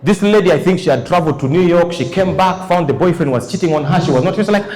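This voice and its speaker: A man doing stand-up comedy in front of a live audience, telling animated stories and acting out his characters. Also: high voice, fast. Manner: animated storytelling, acts out characters. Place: large live venue. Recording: echoey hall, loud crowd laughter.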